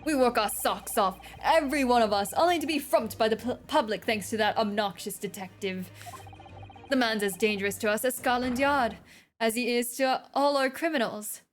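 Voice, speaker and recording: Girl reading as a grumpy middle-aged cop guy, scoffing at everything, kinda high voice, faint music behind. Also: moderate pace, natural voice. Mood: scornful. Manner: scornful, grumbling. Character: brusque middle-aged male police inspector.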